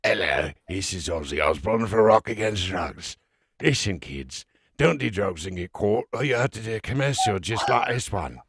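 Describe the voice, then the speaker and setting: A man's voice: fairly low pitch, animated, normal speed, fairly bright tone, husky, no room sound, studio quality, full character voice. A man putting on a mumbling British rock star voice for a mock anti-drug announcement. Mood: mock-solemn. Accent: put-on British.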